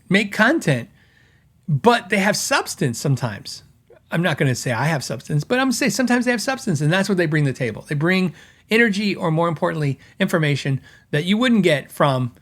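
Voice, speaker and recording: A middle-aged man hosting a podcast, telling stories in a casual way and mimicking critics with a raised voice. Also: a little high. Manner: animated storytelling, mocking quoted critics in a raised voice. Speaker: host.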